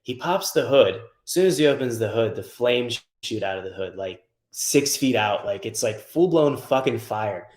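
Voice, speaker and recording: A man in a roomy, echoey space tells a rambling shop story with plenty of swearing and animated energy. His pitch sits in the middle for a man, and the delivery stays conversational. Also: normal speed, hardly any pauses. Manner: profane, animated anecdote-telling. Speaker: guest, car tuner. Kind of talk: casual storytelling.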